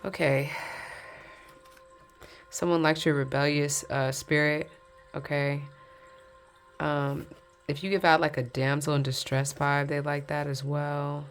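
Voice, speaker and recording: A woman with a low voice that has a gravelly fry reads tarot cards for her viewers. She talks in a loose, chatty way, blunt and candid, with laughs between her points. A faint hiss sits under her voice. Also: level tone, slow, long pauses. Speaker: tarot card reader. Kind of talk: casual pick-a-card tarot reading.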